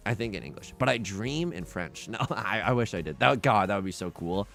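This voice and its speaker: Brief: young male streamer, first language Mandarin, casual rambling game commentary, animated and gravelly. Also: fairly low pitch, fairly quick, faint music behind. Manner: rambling, self-deprecating, chatting with viewers. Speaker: livestreamer playing online mahjong.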